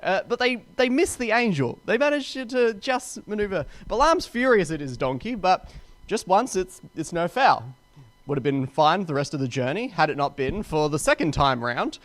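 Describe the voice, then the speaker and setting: A young man, a pastor, retelling a Bible story in a casual, chatty way and slipping into quick voices for the characters. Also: high voice, very animated, dry recording.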